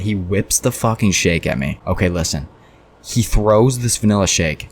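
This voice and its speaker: A man's voice: sits low, animated, normal speed, slight background noise. A young man telling a storytime vlog in a casual, profane, rambling way that keeps drifting onto tangents. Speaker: storytime vlogger.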